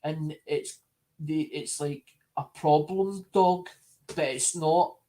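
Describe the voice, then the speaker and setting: Speaking to his supporters in an unhurried, chatty way, a coin-collecting vlogger rambles, frequently repeating or restarting what he says. His warm voice sits on the high side, with fairly even intonation.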